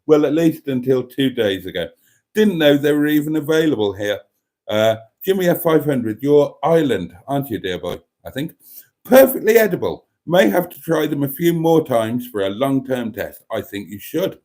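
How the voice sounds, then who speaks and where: Lively-voiced man reading live chat. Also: medium pitch, normal speed. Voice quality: wry, camp, theatrical asides. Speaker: livestream host reading chat.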